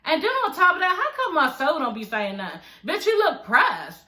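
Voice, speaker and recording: Sassy, profane woman with a bright voice. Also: sits high, big pitch swings, normal speed. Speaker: reality TV recap vlogger. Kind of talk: casual recap commentary. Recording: echoey room.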